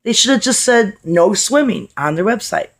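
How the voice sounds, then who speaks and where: A woman with a hoarse, worn voice tells a story to her camera in a loose, chatty way. She is blunt and swears casually as she talks. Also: mid-range voice, lively intonation, normal speed, slight background noise. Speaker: vlogger.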